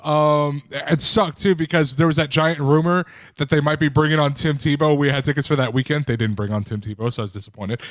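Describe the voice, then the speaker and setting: A man's voice: fairly high pitch, steady tone, a little fast, hardly any pauses, no echo. A man chatting on a podcast with a dry, sarcastic edge, listing places he has been. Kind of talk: casual chat.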